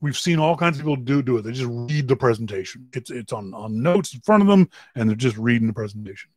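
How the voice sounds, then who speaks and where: A man hosting a podcast, giving casual advice on camera and stressing words with big jumps in pitch and loudness. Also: expressive, fast talker, dry recording. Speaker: podcast host.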